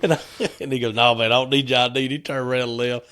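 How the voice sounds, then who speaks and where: A man's voice: medium pitch, fairly even intonation, fast talker, fairly bright tone. A middle-aged man, co-hosting a podcast, telling stories and laughing through the funny parts. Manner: laughs through his stories, acts out quotes. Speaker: podcast co-host. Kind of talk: casual storytelling chat.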